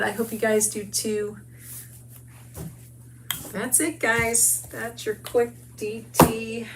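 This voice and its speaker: A woman's voice: mid-range voice, vocal fry, slight background noise. A middle-aged woman from the United States hosting a crafts video, chatting upbeat with viewers while she works. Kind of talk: casual crafting talk and promo.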